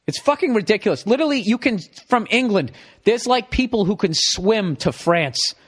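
A middle-aged man with a Boston accent, hosting a podcast with a profane, animated comedic ramble. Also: sits high, moderate pace. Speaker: podcast host.

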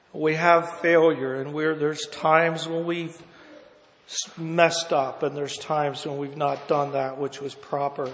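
High-voiced man preaching a sermon in a reverberant hall. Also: slight background noise. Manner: rises to loud impassioned cries, drops to hushed low lines; reads scripture in old-fashioned wording.

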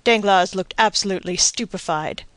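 Female audiobook narrator, measured; dry booth. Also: medium pitch, smooth, dry recording. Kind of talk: scripted narration.

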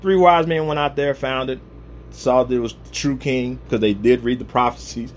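A man's voice: mid-range voice, steady tone, normal speed, slight background noise. A man preaching a humorous, conversational sermon, retelling Bible stories with comic asides.

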